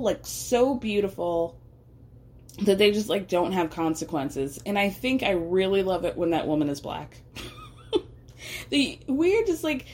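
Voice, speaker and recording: A woman hosting a podcast, recapping a reality show in casual commentary. She talks chattily, says "like" a lot, asks rhetorical questions and laughs often. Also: medium pitch. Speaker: podcast host.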